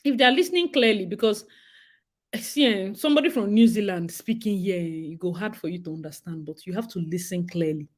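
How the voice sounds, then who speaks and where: A young Nigerian-accented woman talks straight to her audience in a loose, chatty monologue. She speaks animatedly and slips easily into Pidgin phrases. Her voice sits at an ordinary middle pitch for a woman. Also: lively intonation, fairly quick. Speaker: host. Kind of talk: casual monologue.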